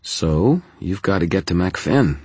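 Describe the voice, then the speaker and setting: A man voicing a sharp, skeptical young woman who presses with quick, insistent questions. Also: low-pitched, expressive, husky, no room sound, voice pushed up, exaggerated voice.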